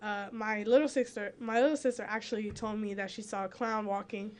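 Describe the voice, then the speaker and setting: A woman's voice: medium pitch, fairly even intonation, brisk, slight background noise. A young woman co-hosting a youth talk show, earnest and rambling with many fillers. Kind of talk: casual talk-show chat.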